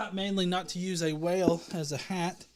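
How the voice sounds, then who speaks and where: Speaking high with fairly even intonation and a moderate pace, a man runs a casual livestream. He reads out comments and thanks from viewers, jokes, swears, and rambles on with restarts.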